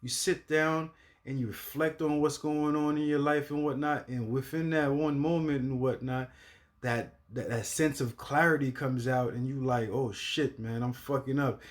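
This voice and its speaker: A man hosts a reaction video with casual commentary, speaking loosely in slang and swearing often. He keeps asking "you know what I mean," restarts his words as he thinks aloud, and bursts into loud, high exclamations, though his tone stays steady at a normal speed.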